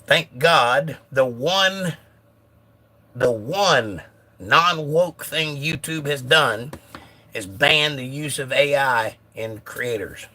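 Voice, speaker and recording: A man hosting a casual live stream who is a little hoarse, reading viewer comments aloud in a laid-back way. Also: medium pitch, takes it slowly, bright, forceful tone. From United States. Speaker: livestream host reading chat.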